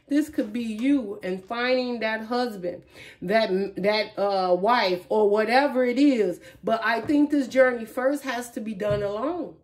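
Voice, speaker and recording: A tarot reader with a voice on the high side, speaking a little slowly, gives a casual reading. She's chatty, emphatic and emotional, talking straight to her viewers.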